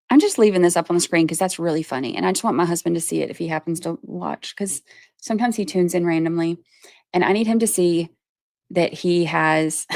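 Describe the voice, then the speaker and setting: A woman's voice: fairly low pitch, creaky, a little mellow, dry recording, clean studio sound. A woman from Georgia, chatting casually on her livestream and laughing often as she talks to her viewers. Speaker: livestream host.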